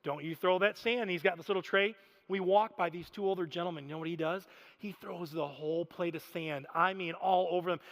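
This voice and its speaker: A man in his thirties preaching a sermon, telling stories in an animated, self-deprecating way with frequent laughter. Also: high voice, a little fast. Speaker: pastor. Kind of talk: storytelling sermon. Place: church sanctuary. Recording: reverberant church hall.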